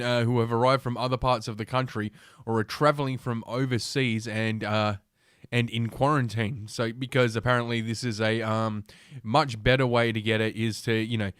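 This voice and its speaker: A man's voice: mid-range voice, a bit bright, dry recording, clean studio sound. Crude rambling male podcast host. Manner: crude, rambling, many fillers. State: drinking while talking. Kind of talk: casual solo podcast talk.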